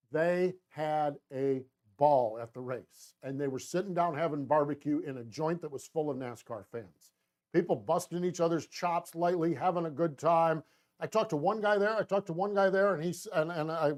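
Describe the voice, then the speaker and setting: A middle-aged male host with a slightly high-pitched voice. He tells his story casually and enthusiastically, rambling off on tangents, restarting sentences, and livening up when he quotes people. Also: darkish tone. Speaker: host of a racing talk show.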